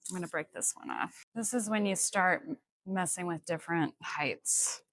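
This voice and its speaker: A woman's voice: medium pitch, normal speed, no echo. Chatty woman florist, dry close sound. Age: middle-aged. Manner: friendly and chatty, explains as she works. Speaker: florist demonstrating a flower arrangement. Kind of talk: hands-on tutorial. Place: indoors at home, music playing in another room.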